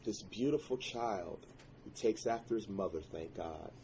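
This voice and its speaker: A man with a fairly low voice recounts a personal story earnestly and intensely, calling out to the Lord at tense moments. The recording sounds dull and slightly muffled, with faint noise underneath. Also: normal speed, mellow. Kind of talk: personal story told to listeners.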